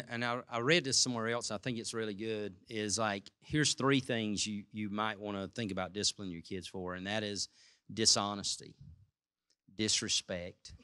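A man's voice: on the low side, fairly even intonation, moderate pace, pushed and bright, clear, resonant tone, no room sound. A male pastor, sharing family stories in a casual conversational sermon with many restarts.

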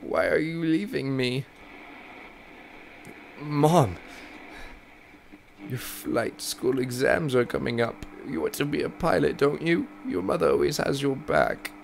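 A man voicing a confused elderly mother in a game, shrill and panicky. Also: big pitch swings, slow, long pauses, fairly bright tone, slight background noise, heavily acted. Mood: pleading.

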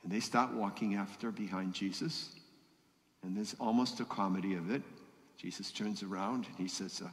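A man's voice: on the low side, moderate pace, long pauses. A man, a priest giving a homily at Mass in a conversational way, often asking the congregation questions. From Boston area. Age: 70s. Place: church. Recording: long church reverb.

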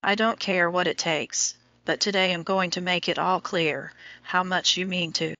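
A woman's voice: lowish voice, steady tone, moderate pace, bright, forceful tone, no room sound. A woman voicing an intense, lovesick young man in an audiobook romance, speaking in an urgent, pleading way. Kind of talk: audiobook dialogue reading. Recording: dull lo-fi audio.

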